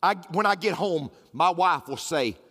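A man's voice: fairly high pitch, lively intonation, normal speed, a bit bright. A man preaching a sermon as pastor, emphatic and repetitive, with folksy humor. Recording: roomy hall with faint music.

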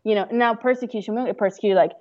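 A woman's voice: on the high side, racing, a little mellow, lo-fi sound. A young adult woman, a guest telling her story in a casual chat, earnest and full of "like" fillers.

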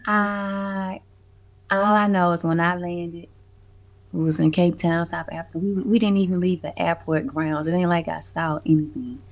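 A woman with a low voice and a gravelly, fry-edged texture talks casually as an interview guest. She tells her stories with animated emphasis, breaks into laughter often and drops casual swearing. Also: normal speed. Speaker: guest, community music event organizer. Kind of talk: casual conversational storytelling.

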